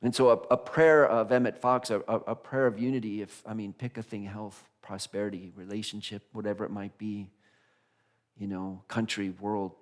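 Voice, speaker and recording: A male minister giving a conversational sermon in a church, animated, often restarting phrases and laughing. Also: fairly low pitch, moderate pace. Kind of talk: casual sermon. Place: church sanctuary.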